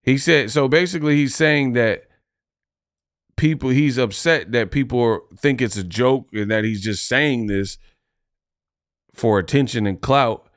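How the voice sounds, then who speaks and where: A man's voice: medium pitch, dry recording. Dry-voiced man talking over clips. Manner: loose, conversational, drawn-out delivery. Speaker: boxing commentary host. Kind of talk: casual video commentary.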